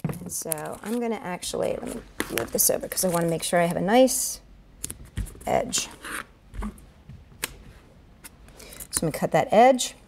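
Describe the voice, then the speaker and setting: A woman's voice: on the low side, expressive, normal speed, vocal fry, pauses often, background noise. A woman who entertains at children's events, walking viewers through a duct tape craft step by step. She talks while she works and keeps an upbeat, encouraging tone. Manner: chatty, narrates each step aloud while working with her hands.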